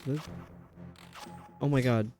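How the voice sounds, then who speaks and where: A man's voice: medium pitch, fairly even intonation, slow, warm tone. Chatty male streamer, faint game music. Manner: rambling, chatty, reads chat aloud. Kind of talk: casual chat while gaming.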